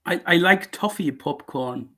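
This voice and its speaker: Man from germany, slightly high voice, hesitant, casual chat. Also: unhurried, bright, forceful tone. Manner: hesitant, repeats words.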